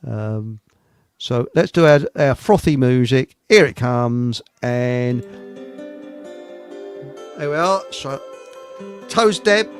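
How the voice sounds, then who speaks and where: A man's voice: medium pitch, lively intonation, slow pace, long pauses, soft background music. A middle-aged man, hosting a live online show in a rambling, jokey chat and laughing at his own jokes. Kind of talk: casual chat.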